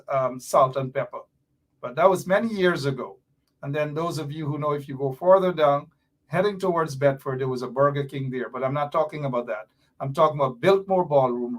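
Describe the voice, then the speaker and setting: A man hosting a live-stream political commentary show, animated and repetitive, teasing his viewers. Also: a little high. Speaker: show host.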